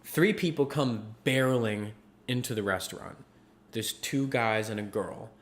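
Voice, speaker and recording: This man co-hosts a podcast and tells a story lively, imitating the people involved between bursts of laughter in casual talk. His pitch is medium and his pace measured.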